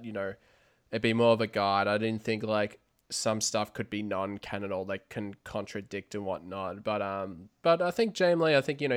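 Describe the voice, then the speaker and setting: A man's voice: on the low side, clear, resonant tone. A man co-hosting a casual fan podcast, hesitant with many fillers and restarts. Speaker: podcast co-host.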